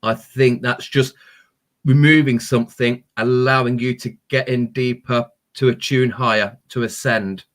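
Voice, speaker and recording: Brief: man, crystal-healing livestream host, gentle and encouraging, mid pitch. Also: steady tone, measured pace. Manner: gentle, encouraging, spiritual talk with many ums. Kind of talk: live-stream chat reading viewer comments.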